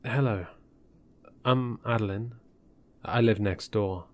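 Give me a man playing a hesitant young wife in a horror story, slow and soft. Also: fairly low pitch. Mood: polite. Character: young wife and homeowner, polite, uneasy.

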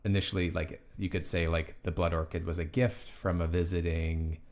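A man's voice: sits low, flat delivery, normal speed, a little mellow. A man co-hosting a podcast, casually brainstorming ideas about a tabletop adventure with loose fillers. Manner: easygoing, brainstorming with fillers like "like" and "right?". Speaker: podcast co-host. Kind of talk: casual tabletop game discussion.

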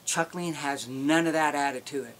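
A man's voice: fairly high pitch, normal speed, fairly bright tone. A man teaching how to make elk calls, explaining in a folksy, step-by-step way. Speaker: elk calling instructor. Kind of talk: instructional demonstration.

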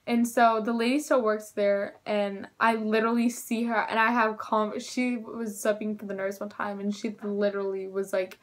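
A teenage girl vlogger telling a storytime in a chatty, excitable way, full of "like". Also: mid-range voice, moderate pace. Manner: chatty, filler-heavy with "like", excitable. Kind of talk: storytime vlog.

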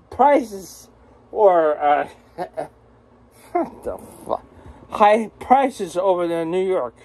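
A woman's voice: medium pitch, a little mellow. A woman delivering a profane political rant as a vlogger, cursing, mocking and cackling.

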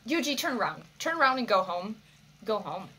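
A woman hosting an anime reaction, talking back to the screen in an expressive way and swearing freely. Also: mid-range voice, brisk, a little hiss or hum. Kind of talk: reaction commentary.

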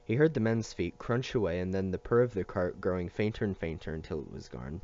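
A man with a low voice reads a novel aloud at a steady pace, stumbling and restarting now and then. The recording is muffled and lo-fi. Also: brisk, hardly any pauses. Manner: steady reading with occasional slips and restarts. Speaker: reader.

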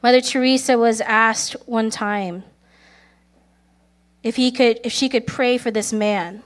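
A woman preaching a sermon, telling stories earnestly, calling for amens, and speaking quoted prayers softly. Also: on the high side, steady tone, a little slow. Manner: earnest storytelling, calls for amens; acts out quoted prayers softly, at times in a whisper.

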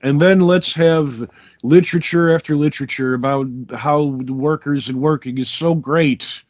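A man's voice: fairly high pitch, moderate pace, muffled recording. A man co-hosting a podcast in casual, crude, joking banter, swearing freely. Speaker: podcast co-host. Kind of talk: casual chat.

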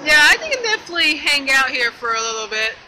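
Woman vlogger, very high, excitable, noisy street recording. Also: quick pace. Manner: excitable, upbeat, exclaims often. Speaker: travel vlogger. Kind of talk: casual vlog narration. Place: out on a town street at night.

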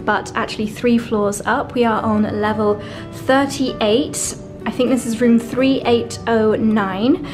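A woman in her thirties with a slightly high voice gushes breathlessly through a vlog tour of a luxury hotel room. She keeps repeating her excited exclamations as she films on a handheld camera. Music plays clearly under her voice. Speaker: fashion and lifestyle vlogger.

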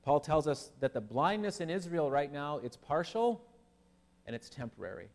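A man preaching a sermon as pastor, animated and lively, with humorous asides to his listeners. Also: on the high side, moderate pace. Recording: long hall reverb.

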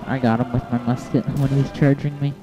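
A man's voice: medium pitch, flat delivery, fast talker, rough recording. A man giving live play-by-play of his own game, reporting his moves and his deaths as they happen. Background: game music and gunfire.

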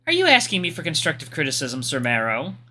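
A man's voice: a little high, huge pitch swings, fast, pushed and bright, faint music behind, full character voice. A man voicing a formal, earnest young woman knight with a courteous manner.

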